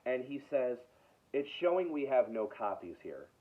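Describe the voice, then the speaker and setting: A man's voice: mid-range voice, sing-song, moderate pace. A man hosting his own video, telling a frustrated story in a casual rant, stumbling and repeating himself. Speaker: video host. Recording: tinny phone-like sound.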